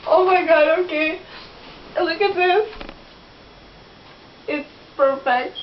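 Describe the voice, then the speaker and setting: A woman's voice: very high voice, slow pace. A young woman cosplayer chatting casually, giggling often until she is crying with laughter. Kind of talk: casual chat. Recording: echoey room, far from mic, dull lo-fi with hiss.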